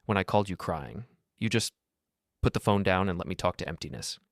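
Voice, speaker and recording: A man's voice: deep voice, expressive, a little fast, vocal fry, no room sound, studio quality. A man voicing a heartbroken mother, speaking with raw, tearful anger. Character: heartbroken mother turning angry.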